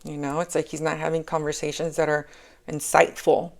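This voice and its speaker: This is a woman giving a chatty tarot reading in a low, gravelly voice. She wanders from thought to thought and circles back over her own phrases. She keeps checking in with the listener with a quick "okay?". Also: completely flat delivery. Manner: rambling, repeats herself, checks in with "okay?". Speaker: tarot reader. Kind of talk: casual spoken tarot reading.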